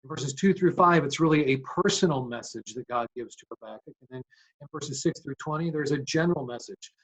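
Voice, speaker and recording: Earnest preaching man, fairly high voice. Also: a little fast, low-quality recording. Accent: American. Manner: earnest, emphatic preaching with rhetorical questions. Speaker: pastor. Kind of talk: sermon.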